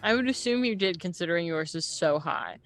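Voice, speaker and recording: A man's voice: high-pitched, animated, brisk, fairly bright tone, faint music behind. A man playing a tabletop game, helpfully explaining the rules to the others. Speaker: player.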